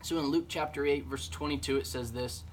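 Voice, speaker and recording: A man, a church's junior high director, giving a casual devotional talk, earnest and full of fillers like "man" and "um". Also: fairly even intonation, a little fast, slight background noise.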